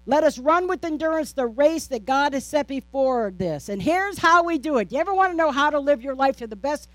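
A woman pastor preaching a sermon, with a steady, repetitive preaching cadence, rhetorical questions and playful, self-teasing asides. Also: high-pitched, brisk, few pauses, no room sound.

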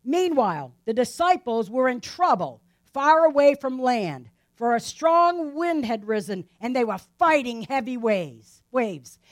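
A woman's voice: on the high side, animated, measured pace, hardly any pauses. A woman teaching a Bible passage in a casual, conversational sermon, often asking her listeners rhetorical questions and adding "right?" to her lines. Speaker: preacher.

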